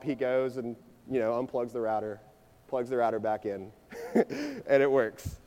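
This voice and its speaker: A man in his twenties giving a sermon, telling a personal story in a conversational, energetic way before moving into his teaching. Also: medium pitch. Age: 20s. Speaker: preacher. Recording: long reverb of a large hall.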